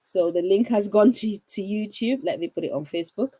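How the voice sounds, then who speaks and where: A woman's voice: medium pitch, brisk, dark tone, breathy edge, no room sound, rough recording. A woman hosting a parenting livestream from home, chatty and reassuring, often putting questions to her viewers. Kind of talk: casual livestream talk.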